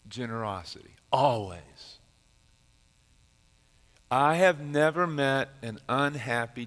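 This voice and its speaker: A middle-aged man, a pastor preaching a sermon and retelling a story with dramatic swings from loud to hushed. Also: mid-range voice, long reverb tail. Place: church sanctuary.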